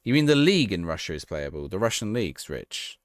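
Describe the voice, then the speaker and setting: Man, game streamer, chatty live commentary, low voice, very expressive, dry close sound. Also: fairly quick, dry recording. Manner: chatty, reacts to the game and answers chat.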